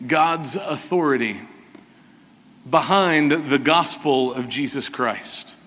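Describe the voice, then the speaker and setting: Pastor, sermon, unhurried, slightly higher voice, reverberant hall. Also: male voice, a bit bright. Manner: slow, sarcastic, emphatic preaching.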